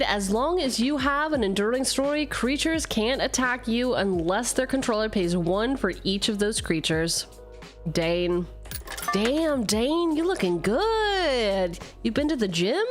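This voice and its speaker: Sarcastic woman opening card packs. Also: mid-range voice. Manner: profane, sarcastic, animated. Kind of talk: casual streaming chat.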